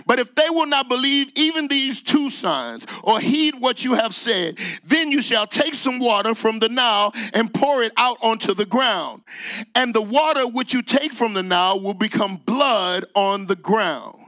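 A man delivers an animated sermon into a microphone, with a close, dry sound. He leads call-and-response with the congregation, shouting lines of scripture and breaking into laughing asides. His voice is high-pitched and bright. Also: unhurried, dry recording. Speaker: guest preacher. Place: church stage.

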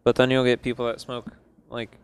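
A man's voice: medium pitch, monotone, brisk, smooth. A man in casual podcast chat, teasing his cohost and swearing freely.

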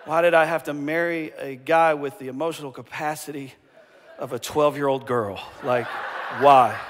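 A man's voice: fairly high pitch, steady tone, moderate pace, a bit bright, a little hiss or hum, pitched below the performer's own voice, natural voice. A man voicing his exasperated wife, mockingly scolding him for being too emotional. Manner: mocking, incredulous. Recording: reverberant hall.

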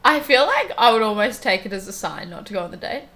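A woman's voice: on the high side, sing-song, quick pace, a bit bright. A young woman in her twenties co-hosting a podcast, chiming in with dry, blunt quips in casual chat. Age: 20s. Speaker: podcast co-host.

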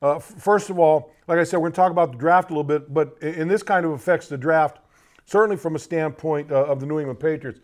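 A man hosting a sports talk show in a loose, halting way, with many fillers and restarts. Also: on the high side. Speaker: host.

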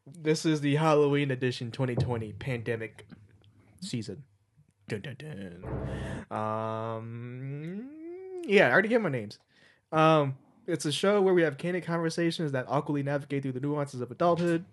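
A man's voice: fairly high pitch, normal speed. A man hosting a casual podcast chat in a small closed room. He sounds nervous and a little out of breath, giggles often, and stumbles over his words. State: slightly out of breath. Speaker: podcast host.

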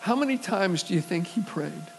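A man's voice: high voice, lively intonation, moderate pace, gravelly, a little hiss or hum, rough recording. A male pastor preaching a sermon, telling stories and acting out the voices of the people in them, building to emphatic preaching. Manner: storytelling, acts out quoted voices, swells to emphatic preaching.

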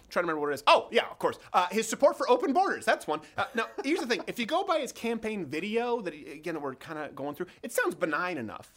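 A man hosting a comedic political talk show, animated and jokey, slipping into mock voices. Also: fairly high pitch. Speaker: host.

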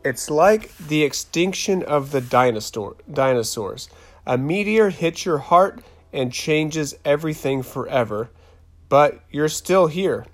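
A man voicing a thoughtful, soft-spoken preteen girl in an audiobook. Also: on the high side, lively intonation, unhurried. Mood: reflective.

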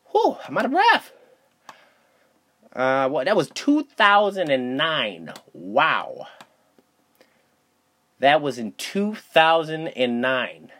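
A man's voice: on the high side, sing-song, slow, a bit bright. A young man hosting a solo podcast, telling stories loosely with lots of swearing and fillers. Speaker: podcast host. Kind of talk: casual solo podcast monologue.

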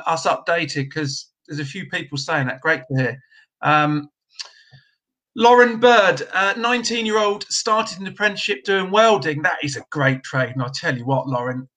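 A man's voice: on the high side, bright, forceful tone. A middle-aged man hosting a live stream, reading out viewer comments in a chatty, blunt way with lots of ums. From Britain. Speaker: host of a trades live stream.

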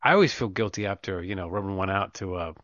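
A man's voice: low-pitched, fast, a bit bright, no echo, dull audio. A man co-hosting a podcast, telling rambling stories in crude, casual chat. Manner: profane, rambling storyteller. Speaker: podcast co-host.

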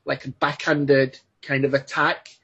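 A man's voice: mid-range voice, little pitch movement, a little slow, fairly bright tone, slightly rough. A man chatting enthusiastically about a film, rambling with restarts, as a podcast co-host. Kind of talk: casual film discussion. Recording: dull lo-fi sound.

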